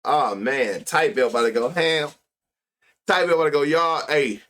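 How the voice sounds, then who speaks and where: A man's voice: fairly high pitch, moderate pace, a bit bright. A man hosting a live sports betting stream, reading stats and riffing loosely with plenty of profanity. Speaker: sports betting show host.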